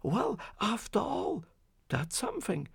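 A man voicing a poor, unlucky middle-aged man who complains loudly in a raised voice. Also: high voice, wildly swooping pitch, slow pace, vocal fry, husky, dry recording, studio quality, pitched above the performer's own voice, exaggerated voice. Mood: relieved. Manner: loud, complaining.

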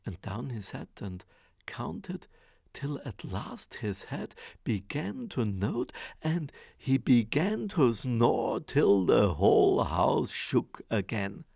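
Man storyteller for a fairy tale: slow, very gravelly, lively pitch, dry close sound. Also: no echo. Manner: expressive, rhythmic storytelling.

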